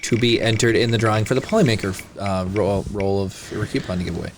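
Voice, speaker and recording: A man's voice: fairly low pitch, quick pace. A man, co-hosting a podcast in casual chat, rambling through stories in an easygoing way. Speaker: podcast co-host.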